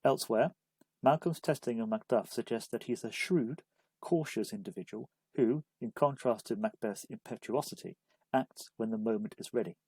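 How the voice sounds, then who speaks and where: Mellow, husky man narrating a study guide. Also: mid-range voice, normal speed, dry recording, poor audio. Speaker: literature explainer. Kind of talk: scripted narration.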